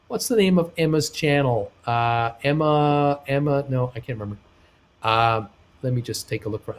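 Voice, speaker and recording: A man's voice: mid-range voice, animated, brisk, a little hiss or hum. Chatty man hosting a live stream. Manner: hesitant, many uh and um fillers; upbeat, pleading for thumbs ups. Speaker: live show host reading chat. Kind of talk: casual live-stream chat.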